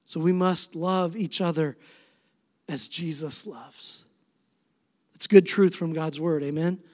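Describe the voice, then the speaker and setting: A middle-aged man preaching a sermon as pastor, swinging between soft, tender passages and emphatic, rising appeals. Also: fairly high pitch, fairly even intonation, slow pace. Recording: long reverb of a large hall.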